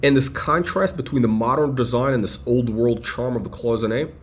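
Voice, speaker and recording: A man talks through a watch review off the cuff, voice at an ordinary middle pitch. He is blunt and opinionated, and he often trails off, restarts and hunts for names as he goes. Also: fairly quick. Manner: rambling, blunt, full of hesitations and restarts. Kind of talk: casual unscripted review.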